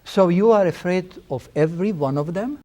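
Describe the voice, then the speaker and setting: A man's voice: sits high, normal speed, mellow. Argentine-accented man playing a therapist. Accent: Argentine Spanish. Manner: earnest, clinical questioning. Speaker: therapist in a comedy sketch. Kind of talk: mock therapy session.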